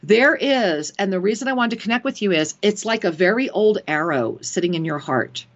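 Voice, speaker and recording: A woman hosting a call-in show, giving soul readings in a soft, breathy, emotional way that slows down as she channels. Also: medium pitch, lively intonation. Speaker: spiritual radio host giving soul readings. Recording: dull lo-fi broadcast audio.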